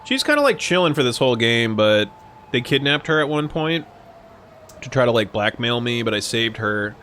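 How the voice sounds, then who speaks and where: A man's voice: mid-range voice, very animated, moderate pace, a bit bright, slight background noise. A young man live-streaming a game, chatting casually with lots of swearing and jokes. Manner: casual, profane, joking. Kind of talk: live-streamed gameplay commentary.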